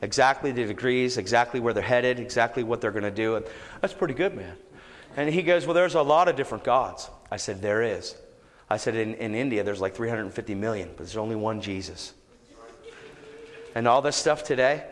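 A man preaching and telling a testimony story, growing animated and shouting at times. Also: medium pitch, fairly quick, long reverb tail. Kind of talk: storytelling sermon.

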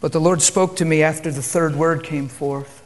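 Soft-spoken, reverent, higher-voiced male preacher. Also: normal speed. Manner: subdued, calm and quiet; reverent, prayerful. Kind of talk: sermon with prayer.

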